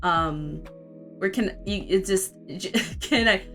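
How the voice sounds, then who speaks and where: A woman's voice: mid-range voice, slow pace, a bit bright, faint music behind. A young woman from Florida with a vaguely Southern accent, rambling and laughing as she chats casually with her stream while drawing. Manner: rambling, giggly, chatty.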